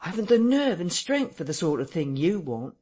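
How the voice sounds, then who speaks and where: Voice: medium pitch, sing-song, brisk, warm tone, slightly rough, pitched above the performer's own voice. A reader voicing a frightened, self-pitying tramp who whines and complains near tears. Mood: whining. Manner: whining, tearful, complaining.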